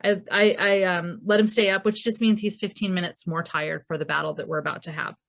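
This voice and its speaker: A woman's voice: on the low side, fairly even intonation, fairly quick, creaky. A woman presenting a recorded parenting masterclass in a conversational way, acting out quoted dialogue as she speaks.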